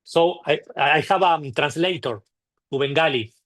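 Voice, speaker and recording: A man telling anecdotes at a temple gathering, halting and restarting often, acting out the people in his stories. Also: a little high, fairly bright tone. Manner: halting, with frequent restarts and repeated words. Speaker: devotee sharing memories at a temple. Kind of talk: anecdotal storytelling talk.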